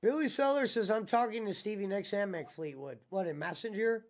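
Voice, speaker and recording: A man with a notably high voice chats casually on a livestream, reading out comments from viewers between remarks. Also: brisk, creaky. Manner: reads out viewer chat comments. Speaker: stream host.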